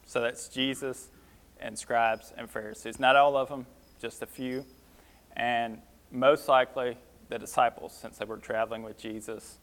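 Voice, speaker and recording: A man's voice: mid-range voice, fairly even intonation, moderate pace, fairly bright tone. Conversational male pastor teaching a sermon. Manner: conversational, plain-spoken, with fillers.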